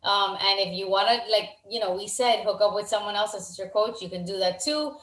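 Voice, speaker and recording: A woman leading a motivational team video call, warmly effusive and encouraging, repeating her praise. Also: medium pitch, brisk, echoey room, poor audio.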